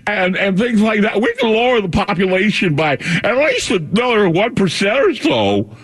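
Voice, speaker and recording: A man's voice: high voice, very animated, moderate pace, fairly bright tone, slightly rough, pitched above the performer's own voice, full character voice. A radio host doing a mocking impression of a hesitant, stammering male tech billionaire. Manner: hesitant, full of uh and repeated I.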